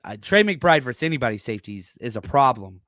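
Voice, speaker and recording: A man's voice: medium pitch, big pitch swings, quick pace, no echo. Fired-up man with a dry close voice. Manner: blunt, salty, gets loud and fired up. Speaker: podcast host and former coach. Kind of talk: casual solo football preview reading live chat.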